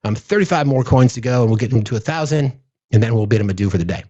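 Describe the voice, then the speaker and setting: Man, political livestream host, husky voice, lively swinging pitch, profane and heated, dull lo-fi audio. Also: quick pace. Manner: profane, heated, repeats himself. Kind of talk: angry political rant on a livestream.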